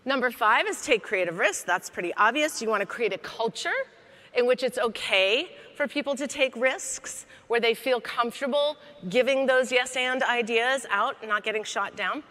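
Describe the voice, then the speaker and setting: A woman giving a comedic keynote talk on stage, chatty and lively, laughing between lines. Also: on the high side, moderate pace. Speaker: keynote speaker. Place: large hall on stage. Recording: echoey hall reverb.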